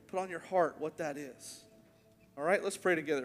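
Earnest pastor preaching in a reverberant church. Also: male voice, fairly high pitch, soft background music. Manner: earnest storytelling preacher, slows on key words. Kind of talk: sermon. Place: church sanctuary.

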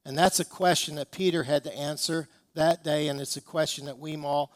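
High-voiced man preaching a sermon. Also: fairly even intonation, brisk, no room sound. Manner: emphatic storytelling, rhetorical questions. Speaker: pastor.

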